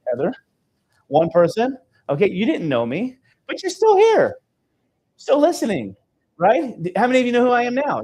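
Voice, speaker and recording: A man's voice: high-pitched, slightly rough. A man speaking as a seminar host to a live audience in an event room, telling stories energetically and checking in with "okay?" often. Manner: energetic storytelling, constant "okay?" check-ins.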